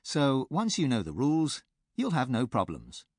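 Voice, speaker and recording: Lively-voiced man presenting a language course. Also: mid-range voice, dry recording, studio quality. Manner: clear, measured teacher's delivery. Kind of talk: scripted instructional narration. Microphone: close studio mic.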